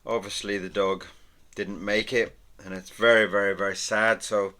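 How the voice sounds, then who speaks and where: A man chats away as he sketches, his speech wandering and often dropping to a near-murmur. His voice sits a little low but has a bright, forward edge. The tone is relaxed and unscripted. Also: normal speed. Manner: chatty and meandering, often trailing off into a soft murmur. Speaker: artist and vlogger. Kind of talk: casual narration while drawing.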